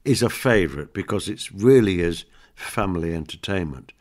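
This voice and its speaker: Older comedian guest, low and animated, a chatty storyteller acting out gags. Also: male voice, normal speed. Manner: chatty storyteller, laughs often, acts out jokes. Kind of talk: anecdotal interview chat.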